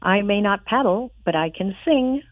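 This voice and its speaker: A woman voicing a small eager male red squirrel who dreams of adventure, reading slowly and wistfully from a children's book. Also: medium pitch, expressive, no room sound, voice pushed up, natural voice. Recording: tinny phone line.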